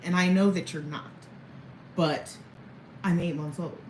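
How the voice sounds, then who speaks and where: A woman's voice: on the low side, fairly even intonation, unhurried, darkish tone, a little hiss or hum. A woman in her thirties rambling candidly to camera in a casual personal vlog, chuckling between thoughts. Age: 30s. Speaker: vlogger. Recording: echoey room, faint background ambience.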